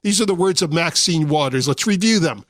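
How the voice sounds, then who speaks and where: A man's voice: a little high, lively intonation, brisk, fairly bright tone, no echo. A man hosting a radio talk show, delivering a sarcastic, indignant political commentary monologue into a studio microphone.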